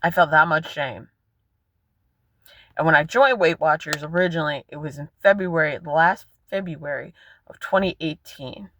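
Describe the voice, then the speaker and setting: A woman's voice: low-pitched, normal speed, fairly bright tone, dry recording. Frank, rambling woman vlogging from a car. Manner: frank, rambling, swears freely. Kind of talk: candid personal vlog.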